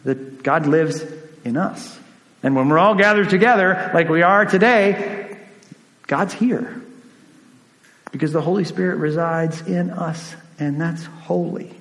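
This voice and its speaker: A man's voice: fairly high pitch, measured pace, long pauses, a bit bright. A man preaching a sermon as a pastor, earnest, often checking in with "right?". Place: church sanctuary. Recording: echoey reverberant church hall.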